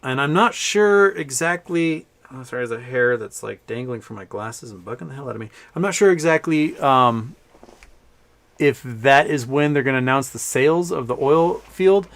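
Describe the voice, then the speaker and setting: A man's voice: mid-range voice, animated, moderate pace, creaky, a bit bright. Rambling man hosting a live stream. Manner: rambling, reading chat aloud, laughs often. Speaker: livestream host. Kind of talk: casual live-stream chat.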